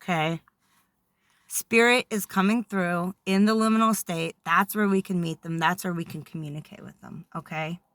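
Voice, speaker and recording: Woman, spiritual channeler, bright forceful tone, dry close sound, keeps asking "okay?". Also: on the low side, fairly even intonation, normal speed, dry recording. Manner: checks in often with "okay?". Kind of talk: casual spiritual talk to camera.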